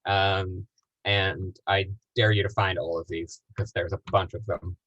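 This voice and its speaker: Low-voiced man teaching over a lo-fi call. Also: flat delivery, unhurried, fairly bright tone. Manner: rambling, self-deprecating, lots of fillers. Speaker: workshop instructor. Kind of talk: casual live tutorial. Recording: dull lo-fi call audio with faint noise.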